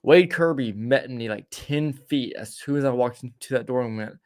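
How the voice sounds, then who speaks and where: A man's voice: medium pitch, normal speed, a little mellow, dry recording, studio quality. Stammering man telling a rambling story. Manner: rambling, stammering restarts, acts out quoted voices. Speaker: podcast co-host. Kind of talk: casual storytelling chat.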